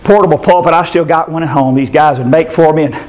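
Older pastor, man, fervent sermon delivery, slightly high voice, shouting peaks. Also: fast talker.

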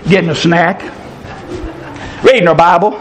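A middle-aged preacher with a very high voice, folksy and fervent. He speaks straight to his congregation, often calling people by name. A faint hiss runs under him. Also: steady tone, moderate pace. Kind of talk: sermon.

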